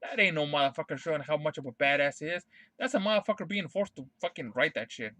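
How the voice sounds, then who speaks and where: A man with a high, bright voice rants into a close mic, swearing freely and hammering the same point again and again. The sound is dry and direct, with no room around it. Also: fast talker, dry recording. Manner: profane, emphatic, repeats himself. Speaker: streamer. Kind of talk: casual ranting monologue.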